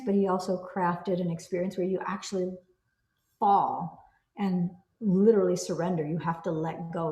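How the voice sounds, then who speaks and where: A woman talking earnestly about a personal experience, acting out her own inner dialogue with animated bursts. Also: fairly low pitch. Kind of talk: reflective personal talk. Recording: echoey room.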